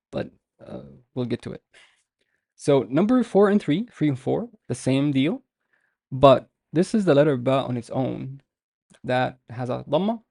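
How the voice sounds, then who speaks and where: Male teacher, slow and patient, gravelly warm voice, dry close recording, repeats drills. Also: mid-range voice, no echo. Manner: patient, repeats words slowly with many fillers. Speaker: language teacher. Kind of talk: slow explanatory lesson.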